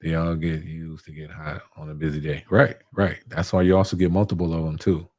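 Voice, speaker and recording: A man's voice: rumbling low, flat delivery, a little fast, darkish tone. A young man who reviews barber tools, chatting casually on a live stream, reading viewer comments and answering in a laid-back, slangy way that repeats itself.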